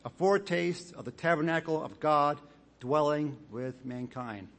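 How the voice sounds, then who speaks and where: A man preaching a sermon in a measured, deliberate way, reading scripture passages aloud with rising emphasis. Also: on the high side, fairly bright tone.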